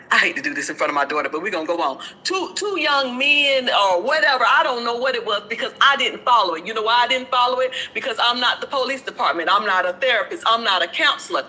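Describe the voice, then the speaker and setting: Bright, confrontational woman calling people out. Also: a little high, low-quality recording. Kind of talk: live-stream commentary.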